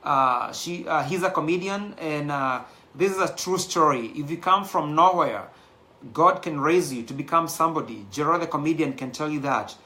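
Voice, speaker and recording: Chatty Kenyan man, bright voice. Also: on the high side, normal speed. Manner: chatty, digressive, mixes in Swahili phrases. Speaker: show host. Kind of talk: casual monologue.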